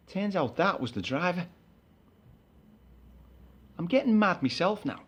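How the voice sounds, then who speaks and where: A man's voice: high-pitched, big pitch swings, measured pace, pauses often, husky. A man performing a comic stage monologue as a chatty, exasperated storyteller. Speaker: actor.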